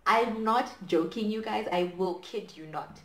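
A woman's voice: mid-range voice, unhurried, fairly bright tone. Chatty woman telling a dramatic story. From Zimbabwe. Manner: chatty, dramatic, lots of fillers like "like" and "right?". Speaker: vlogger. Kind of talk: storytime chat while doing hair. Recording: echoey room.

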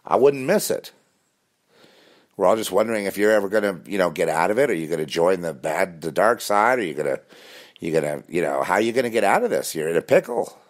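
A man's voice: deep voice, very animated, a little fast. A man voicing a sarcastic, taunting stranger in a mocking, sing-song voice.

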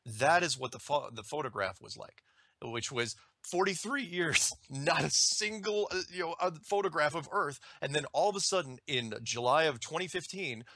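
A man ranting in an animated way on a talk show, repeating words and acting out quoted voices. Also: fairly high pitch, normal speed, no room sound.

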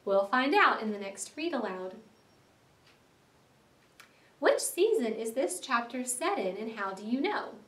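A woman teacher reading a story aloud for a class in an expressive way, stopping to explain words. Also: on the high side, unhurried, pauses often, reverberant, far from the mic. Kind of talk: read-aloud lesson narration.

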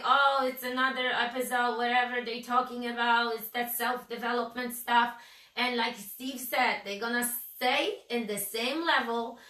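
A woman's voice: on the high side, pushed and bright, recorded from a distance. Woman with Russian accent, echoey room. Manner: asks questions, urging listeners. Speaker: podcast co-host. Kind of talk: motivational talk.

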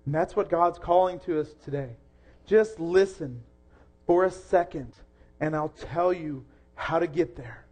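A young man preaching a sermon in a church, earnest, rising to loud emphasis and dropping soft again. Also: on the high side, measured pace. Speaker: pastor.

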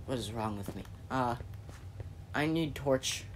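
A man's voice: a little high, normal speed, a little hiss or hum. Brief: male gaming host, chatty rambling commentary, pun-happy, restarts his sentences, faint keyboard clicks behind. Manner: rambling, jokey, self-interrupting. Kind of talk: gameplay commentary.

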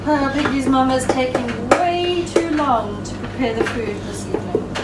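A woman's voice: high voice, normal speed, over loud music, poor audio. A woman vlogging at home in a casual chat, talking to her dog in affectionate baby talk. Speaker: vlog host and dog owner.

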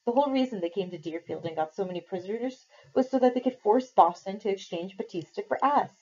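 A woman's voice: medium pitch, animated, a little fast, mellow, slightly rough, highs cut off. A woman voicing a defiant Puritan captive girl who talks in an insistent, scolding way.

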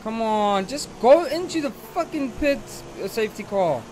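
Young male gamer host, frustrated and foul-mouthed, with a very lively pitch. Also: measured pace, noisy background. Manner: frustrated, swearing ranting at an opponent. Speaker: gaming channel host. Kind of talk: racing game commentary.

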